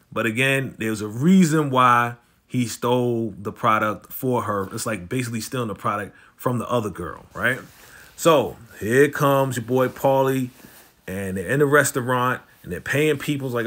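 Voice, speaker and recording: A man giving a casual, slangy recap of a TV drama episode, telling it with animated energy. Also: on the low side. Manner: animated, slangy storytelling, often fast. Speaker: YouTube show recapper.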